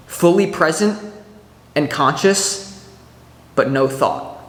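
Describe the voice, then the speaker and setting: A man giving a casual weekly tarot reading to camera, chatty and animated, full of restarts and filler words, acting out little scenes as he explains. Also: medium pitch, moderate pace. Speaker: tarot reader. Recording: echoey room with long reverb.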